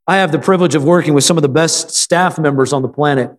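A man's voice: on the high side, fast. Man preaching in a reverberant hall. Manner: call-and-response preaching with frequent amens; repeats phrases for emphasis, some filler stumbles. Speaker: pastor. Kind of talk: sermon. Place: church sanctuary.

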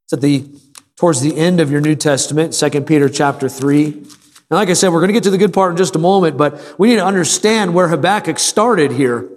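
A man's voice: a little high, brisk. Earnest man preaching in an echoing sanctuary. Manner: earnest, emphatic preaching with repeated phrases. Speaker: pastor. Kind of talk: sermon. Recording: long reverb of a large room.

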